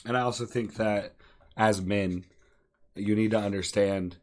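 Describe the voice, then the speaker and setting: A man's voice: fairly low pitch, fairly even intonation, measured pace, a little mellow. A young man co-hosting a podcast, talking earnestly and encouragingly, often repeating phrases for emphasis. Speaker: podcast co-host. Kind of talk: earnest casual talk.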